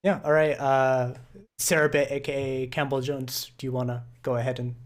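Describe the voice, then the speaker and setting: A man's voice: mid-range voice, steady tone, moderate pace. Man, meeting host, casual video call, easygoing, chatty.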